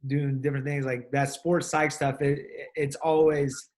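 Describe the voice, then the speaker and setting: A man, a wrestling coach, talking casually and haltingly with many restarts. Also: on the high side, little pitch movement, a little mellow. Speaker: wrestling coach, podcast co-host. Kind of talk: casual chat.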